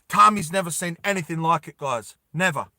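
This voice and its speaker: A man's voice: fairly high pitch, sharp tone, no echo. A man telling a story casually to his viewers, with many fillers. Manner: slow, with fillers, addresses viewers.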